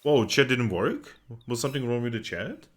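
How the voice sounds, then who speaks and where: Game streamer, casual and profane, talking to chat in an ordinary mid voice. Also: male voice, medium pitch, lively intonation, normal speed. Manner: swears freely, talks to chat. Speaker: live streamer. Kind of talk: casual gameplay commentary.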